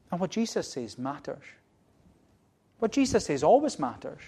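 A man preaching a sermon, repeating key phrases and swinging between quiet, low passages and loud, emphatic ones.

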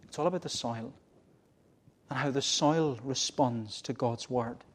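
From a church pulpit, a minister delivers a sermon in a medium-pitched voice at an unhurried pace. He leans on repeated refrains, swelling to loud cries and then sinking to hushed lines.

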